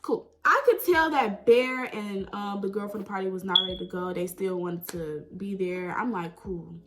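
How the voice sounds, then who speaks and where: A young woman telling a personal story in a chatty, animated way, full of "like" and "right?". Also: mid-range voice, moderate pace, heavy background noise. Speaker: vlogger. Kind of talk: casual storytime.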